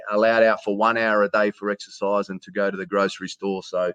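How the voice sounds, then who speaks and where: A man's voice: fairly low pitch, level tone, brisk, a bit bright, clear, resonant tone, no echo, dull audio. A middle-aged man with an Australian accent, talking casually as a guest and calling his host mate, often repeating his words. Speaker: guest, sports announcer. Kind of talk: casual conversation over a call. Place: hotel quarantine room.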